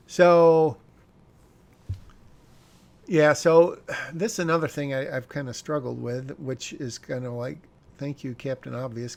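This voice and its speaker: A man talks loosely through his own screenplay, doubling back and correcting himself with dry little asides. His voice sits a bit high and carries a gravelly edge. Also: darkish tone. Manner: rambling, self-correcting, wry asides. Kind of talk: casual talk about his screenplay.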